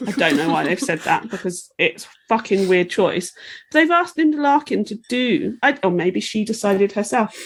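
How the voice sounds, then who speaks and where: A woman's voice: medium pitch, animated, normal speed, slightly rough. A woman co-hosting a casual podcast chat, ranting and swearing freely, often sliding into mocking impressions. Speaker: podcast co-host.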